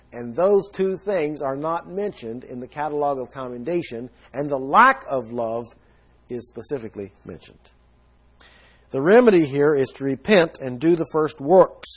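A man preaches a sermon in an earnest teaching tone, stressing key words heavily. His voice is medium-pitched and husky.

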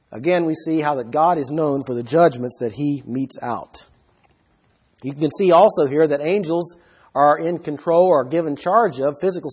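A man's voice: on the high side, husky. A man teaching a Bible study lecture in an explanatory way, asking the listeners rhetorical questions.

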